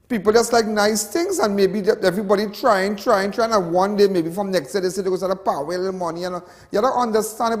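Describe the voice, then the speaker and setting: A man's voice: sits high, big-room sound. A Trinidadian man hosting a TV show, talking in an emotional, rambling monologue full of repetition and local slang. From Trinidad and Tobago. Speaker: TV show host. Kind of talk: impassioned on-air monologue.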